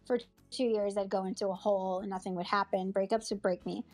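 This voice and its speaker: A woman with a medium-pitched, fairly dark voice speaks fast and in a level tone, with faint music in the background. She's an actor and acting coach being interviewed casually in an audio chat room, rambling earnestly with fillers and restarts. She sounds heartfelt and close to tears.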